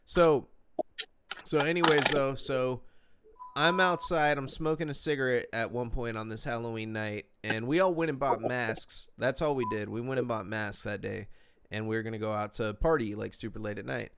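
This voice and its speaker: A man's voice: mid-range voice, normal speed, noisy background. A young man casually telling a story on a podcast, laid-back and profane, full of slang and fillers.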